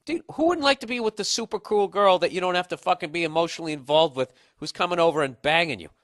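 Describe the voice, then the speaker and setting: A man hosting a comedy podcast, ranting advice in a blunt, profane, animated way. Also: high-pitched, fast, no echo.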